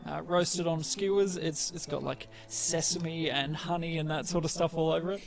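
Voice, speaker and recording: A man's voice: a little high, steady tone, normal speed, creaky, a little hiss or hum. A man narrating as game master, hesitant with lots of fillers.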